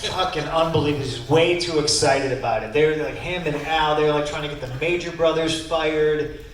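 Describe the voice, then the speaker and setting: A man in his forties telling a story on stage, swearing freely and acting out other people's lines in a raised voice. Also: brisk. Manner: profane, animated, acts out quotes in higher voices. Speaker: guest storyteller. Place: live event stage. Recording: roomy, distant live mic with noise.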